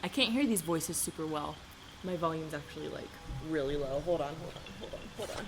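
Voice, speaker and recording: A woman's voice: deep voice, a little fast, over music. A woman streaming a video game live, chatting casually and rambling through stories with easy laughs.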